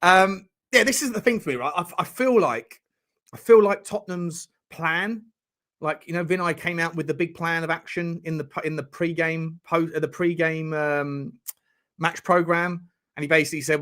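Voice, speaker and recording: A man's voice: a little high, fairly even intonation, moderate pace, a bit bright. A man hosting a casual live-stream chat, joking around and reading out viewer messages. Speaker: livestream host.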